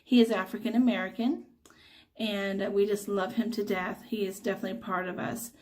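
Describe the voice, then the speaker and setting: A middle-aged woman, telling a religious testimony as a mother in an earnest, halting way with many fillers. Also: medium pitch, fairly even intonation, darkish tone.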